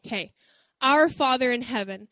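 A woman's voice: on the high side, moderate pace, no room sound. Upbeat young woman preacher, chatty. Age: 20s. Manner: chatty, animated, laughing storyteller. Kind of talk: casual church sermon intro. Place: church stage before audience.

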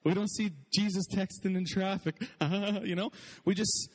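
A man's voice: sits high, steady tone, moderate pace, a little mellow, in a large hall. A man preaching a sermon in a casual, chatty way, often laughing and saying "like". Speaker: pastor.

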